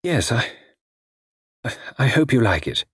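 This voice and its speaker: A man's voice: mid-range voice, sing-song, measured pace, breathy edge, dry recording, studio quality, full character voice. A man voicing a timid, hesitant middle-aged society wife who stammers when she speaks.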